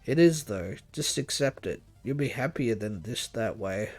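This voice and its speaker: A man voicing an eerily calm, possessive young woman who talks in a soft, flat, coaxing way. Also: medium pitch, a little slow, slightly rough, soft background music. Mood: calmly chilling.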